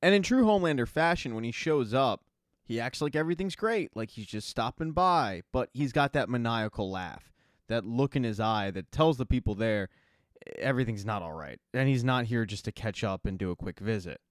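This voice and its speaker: A man's voice: mid-range voice, expressive, moderate pace, no room sound, studio quality. A man hosting a casual spoken recap of a TV season, chatty and adding offhand asides as he goes. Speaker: TV recap host.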